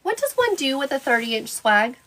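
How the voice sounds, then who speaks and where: Bright, lively woman hosting a craft stream. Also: sits high, fairly quick. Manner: playful, bantering with viewers in chat. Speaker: craft livestream host. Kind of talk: casual livestream chat while crafting.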